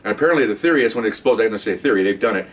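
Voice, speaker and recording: An older man, a retired police officer, telling a rambling story in casual talk, acting out the shouted commands. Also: lowish voice, lively intonation, rapid-fire, far from the mic.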